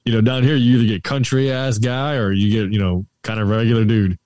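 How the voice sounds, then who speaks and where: A man's voice: lowish voice, fairly even intonation, brisk, darkish tone, no room sound. A man from the Tampa Bay area of Florida, hosting a casual podcast chat in a loose, joking way. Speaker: podcast host.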